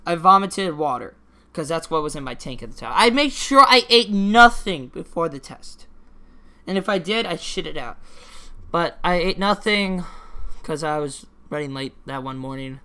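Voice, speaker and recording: A man's voice: a little high, lively intonation, normal speed, pushed and bright, clear, resonant tone. A teenage boy hosting his own podcast in casual solo chat, rambling with many restarts and casual swearing. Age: teens. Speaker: podcast host.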